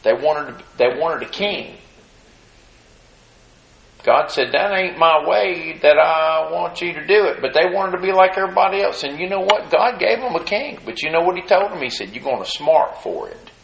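A man preaching a sermon, his voice a little high and gravelly. He reads scripture in a slow, measured cadence, then turns to folksy rhetorical questions for the listeners. The room around him is echoey. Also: animated, slight background noise.

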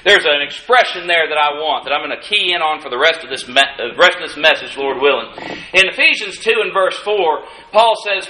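Pastor, male, high bright voice, folksy sermon style with wry asides, roomy church sound. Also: animated, brisk. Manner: folksy preaching with dry humorous asides; rises in emphasis on key lines. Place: church sanctuary. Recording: echoey room. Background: congregation calling out amens.

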